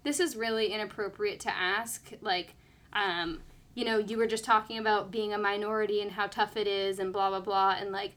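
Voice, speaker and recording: A woman's voice: mid-range voice, steady tone, moderate pace, fairly bright tone. A young woman telling a personal story in casual chat, full of fillers and acted-out quotes. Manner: chatty, lots of "like", quoting others.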